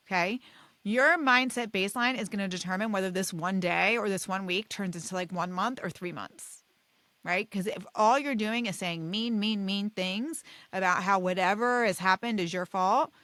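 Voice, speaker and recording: A woman doctor talks straight to her listeners in a loose, encouraging coaching style, dropping "like" and "okay?" every few phrases. Her voice sits in an ordinary middle pitch. The recording is dry and close, with no room sound. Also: bright, forceful tone, no echo. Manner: encouraging, chatty, many fillers like "like" and "okay?". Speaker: podcast host and weight loss doctor. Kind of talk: casual solo podcast coaching talk.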